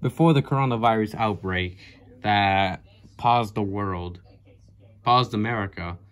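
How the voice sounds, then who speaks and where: A man casually chatting through an unboxing of his collectible model cars, rambling and cursing, with his voice jumping up in excited outbursts. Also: measured pace, smooth. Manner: rambling, profane, jumpy pitch with excited outbursts.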